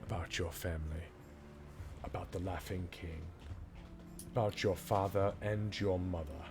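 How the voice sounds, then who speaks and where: Brief: crude fatherly old dwarf, voiced by a man, low and gruff, tabletop game. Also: fairly even intonation, unhurried, music in the background. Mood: secretive. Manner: profane, theatrical, fatherly.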